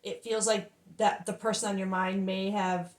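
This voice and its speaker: A woman's voice: medium pitch, level tone, moderate pace, echoey room. A woman giving a tarot reading, breathless and stumbling over her words, swearing and apologizing. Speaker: tarot reader.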